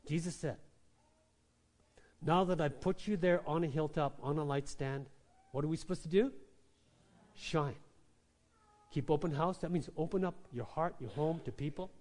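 A male pastor preaching a sermon, who swings between quiet questions and loud, emphatic lines and keeps calling out "Amen?". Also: fairly high pitch, moderate pace, pauses often. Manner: repeats lines, calls out "Amen?" to the congregation.

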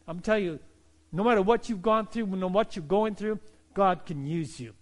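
A middle-aged male pastor preaching a sermon, moving from calm teaching to loud, fervent exhortation. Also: sits high, moderate pace, pauses often.

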